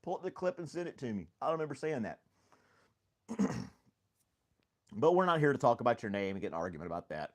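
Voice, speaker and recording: A man's voice: mid-range voice, sing-song, fast talker, long pauses. A man hosting a casual livestream chat, rambling and joking, laughing often at himself. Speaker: host.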